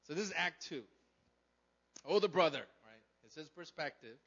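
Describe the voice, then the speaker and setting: A man preaching a sermon in a casual, animated way, asking his listeners questions and acting out the characters. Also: fairly high pitch, moderate pace, slightly rough, lo-fi sound. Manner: animated, conversational, acts out characters, asks the crowd questions. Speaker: pastor.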